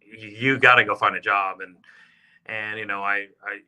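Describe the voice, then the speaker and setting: A man's voice: fairly low pitch, fairly even intonation, normal speed, bright, forceful tone. A man in his fifties from South Texas, a golfer guest telling stories with lots of restarts and fillers. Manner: rambling, many restarts and fillers. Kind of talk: casual storytelling.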